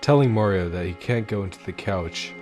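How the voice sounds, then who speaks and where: A man narrating a creepy story in a measured, dramatic storytelling voice. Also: low voice. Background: background music.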